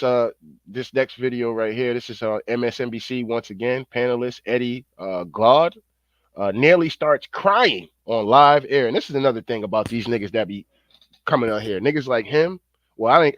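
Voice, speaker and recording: A man's voice: mid-range voice, a bit bright, no room sound, highs cut off. A man doing profane reaction commentary, slangy, rambling and fired-up. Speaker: online commentator.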